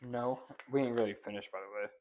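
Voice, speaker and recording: A man's voice: medium pitch, fairly even intonation, quick pace, narrow, tinny audio, noisy background. A man casually showing how he seasons ribs, playful and slangy, crooning pet names at the food and the viewer. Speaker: cooking vlogger. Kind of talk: casual cooking demonstration.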